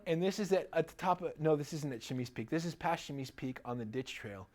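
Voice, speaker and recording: A middle-aged man speaks to a live audience in an easygoing seminar style, shifting quickly between advice and personal anecdotes. He is animated and chatty, with frequent laughter running through his stories. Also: on the high side. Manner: animated, chatty storyteller who laughs often. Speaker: chiropractor giving a talk to an audience.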